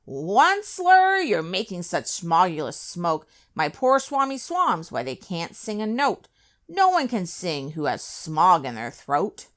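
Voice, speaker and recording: A woman's voice: fairly low pitch, very animated, a little slow. A woman voicing a small, grumpy old male forest creature from a storybook, scolding and indignant.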